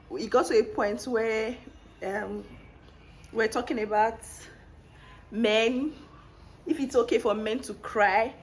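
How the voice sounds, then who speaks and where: A woman with a Nigerian accent, talking to camera in a chatty vlog, animated and laughing often as she tells a story, recorded at home on a clip-on mic. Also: a little high. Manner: animated, laughs often, talks with lively emphasis. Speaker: vlogger. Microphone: clip-on microphone.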